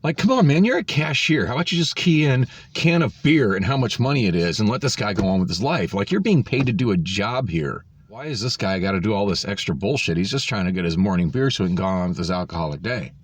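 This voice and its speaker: Filming a vlog on his phone, a man rants about a trip to a store, exasperated, sarcastic and swearing freely. His lowish, husky voice is expressive and quick, with hardly any pauses.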